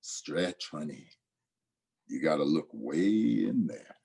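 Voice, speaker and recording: A desperate mother speaks to her child in a quiet, eerie, coaxing tone, as a man puts her on. The voice is husky and mellow. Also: a bass voice, sing-song, takes it slowly, pitched below the performer's own voice, full character voice. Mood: hushed. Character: desperate poor mother, eerily calm.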